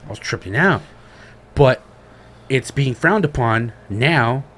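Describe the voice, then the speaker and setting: A podcast co-host retells a story in relaxed chat, full of slang and swearing and told with animation. He speaks slowly at a medium pitch.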